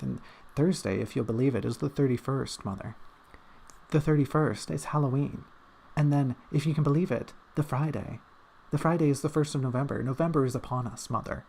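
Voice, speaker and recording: Gravelly-voiced rambling livestreamer. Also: medium pitch, moderate pace, a little mellow. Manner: rambling, self-mocking jokes. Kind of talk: casual chat on a livestream.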